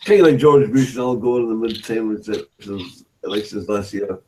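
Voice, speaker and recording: A man's voice: fairly low pitch, moderate pace, a little mellow, slight background noise. A man in casual livestream chat, bantering with crude, profane jokes.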